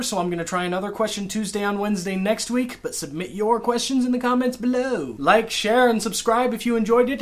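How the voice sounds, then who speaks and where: Playful young man vlogging at home. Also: sits high. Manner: playful, joking answers. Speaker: vlogger host. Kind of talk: casual vlog Q&A. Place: home, in front of a couch and wall.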